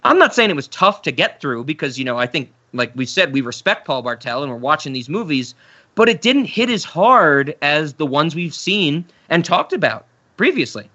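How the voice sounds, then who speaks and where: A man's voice: fairly high pitch, sing-song, normal speed, sharp tone. A man co-hosting a film podcast, talking casually and rambling through the plot with many restarts. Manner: rambling, restarts, acts out quotes. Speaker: podcast co-host. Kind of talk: casual film review chat. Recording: slightly muffled audio.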